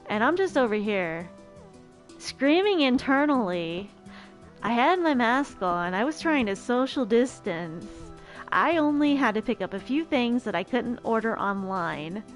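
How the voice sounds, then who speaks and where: A woman's voice: fairly high pitch, sing-song, unhurried, soft background music. A woman streamer telling a casual personal story, chatty and emphatic, often restarting her sentences.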